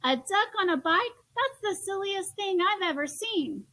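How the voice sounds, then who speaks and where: A woman's voice: very high-pitched, lively intonation, measured pace, sharp tone, a little hiss or hum, voice pushed up, exaggerated voice. A woman voicing an unimpressed farm cow with a dry, scoffing manner.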